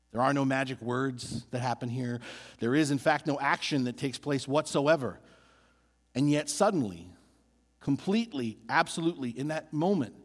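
A man preaching a sermon as a pastor, animated and building emphasis through repeated phrases. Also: medium pitch, long reverb tail.

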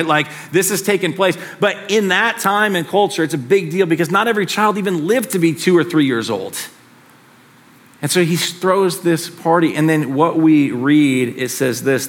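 A middle-aged man preaching a sermon in a conversational way, with casual asides. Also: medium pitch. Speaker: pastor.

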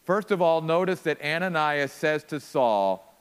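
A man's voice: a little high, expressive, a little slow, smooth, in a large hall. A man preaching an earnest sermon, piling up repeated phrases for emphasis. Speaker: pastor.

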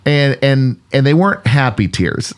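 A middle-aged man, a pastor, telling a personal story in casual chat, earnest and animated, with many restarts. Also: medium pitch, normal speed. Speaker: pastor and podcast co-host.

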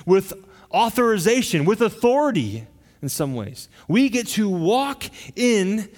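A middle-aged man preaches with earnest emphasis, pressing his points and often restarting a phrase. His voice sits a little high for a man. It rings with a long reverb through a church hall. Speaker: pastor. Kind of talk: sermon.

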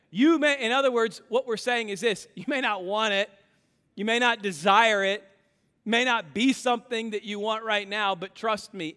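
A man in his thirties preaches in a big hall with a long echo, and his voice rings high and bright. He tells family stories with lively, acted-out lines. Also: moderate pace, clean tone. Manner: animated storytelling, acts out dialogue. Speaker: pastor. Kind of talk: sermon with personal stories.

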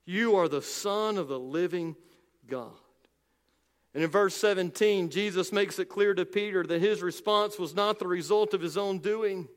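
A male pastor preaching a sermon with emphasis, slowing down and dropping low on key phrases. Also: a bit bright, long reverb tail.

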